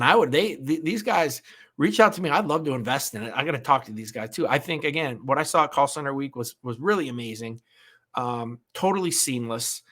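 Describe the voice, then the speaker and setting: A man's voice: medium pitch, a bit bright. A man hosting a podcast, talking casually on his own, rambling, repeating words and asking "right?" again and again. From United States. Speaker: podcast host. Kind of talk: casual solo commentary.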